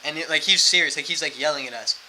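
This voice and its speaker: A man's voice: fairly high pitch, fast, a little hiss or hum, low-quality recording. A young man, a missionary, casually telling a story full of fillers and acting out quotes. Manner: animated, fillers like "like" throughout, acts out quotes.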